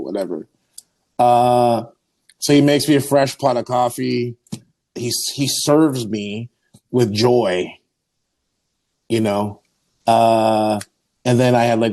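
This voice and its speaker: A man's voice: mid-range voice, darkish tone. A man, an Orthodox priest and podcast host, telling a rambling story in casual chat, full of fillers and acted-out quotes. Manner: rambling, many fillers, acts out quoted voices.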